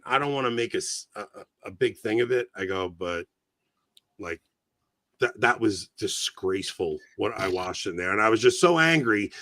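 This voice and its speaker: A middle-aged man on a casual podcast, telling an animated story that grows heated. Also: medium pitch, dry recording. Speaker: podcast co-host.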